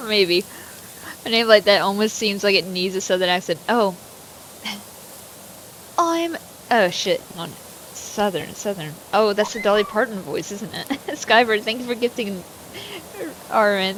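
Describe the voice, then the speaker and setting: A woman's voice: mid-range voice, lively intonation, normal speed, fairly bright tone, a little hiss or hum, low-quality recording. A woman streaming a new game, chatting with her viewers, giggling often and swearing freely. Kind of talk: casual live-stream commentary.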